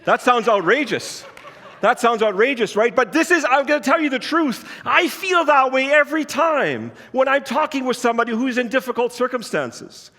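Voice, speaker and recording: Man, high voice, pastor, earnest storytelling sermon, echo of a big hall. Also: lively intonation, moderate pace, hardly any pauses, sharp tone. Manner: earnest, conversational preaching. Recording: long reverb of a large hall.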